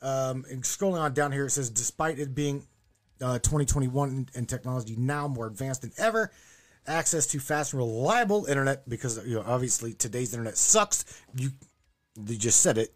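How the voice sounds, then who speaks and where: A man hosting a casual chat show from his home studio, talking in a brash, animated, profane way. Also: medium pitch. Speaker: host.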